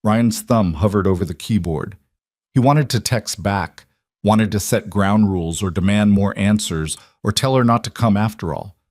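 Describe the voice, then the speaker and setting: A man narrating an emotional story in a calm, measured, scripted reading. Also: on the low side, no room sound, clean studio sound.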